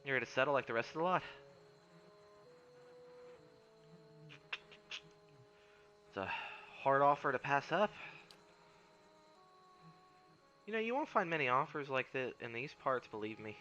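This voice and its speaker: A man's voice: medium pitch, very animated, fast, bright, forceful tone, highs cut off, a little hiss or hum. A man voicing a weathered female wilderness guide, wry and restless, in a put-on accent that drifts toward Irish, reading a game's lines aloud.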